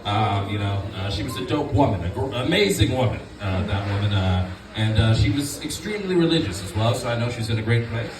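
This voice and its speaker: Smooth-voiced man doing stand-up. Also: on the low side, expressive, recorded from a distance, noisy background. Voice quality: smooth, announcer-like voice. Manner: laid-back, halting delivery with many fillers. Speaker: stand-up comedian. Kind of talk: stand-up set. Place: comedy club. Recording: roomy club sound from off mic with loud crowd laughter. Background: audience laughing.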